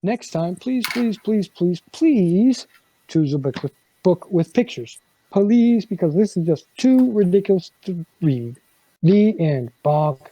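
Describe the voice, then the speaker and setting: A woman's voice: mid-range voice, big pitch swings, unhurried, mellow, husky, no echo, rough recording. A woman reading a children's book aloud, acting out mock protests and making silly sounds. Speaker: player reading a bedtime story.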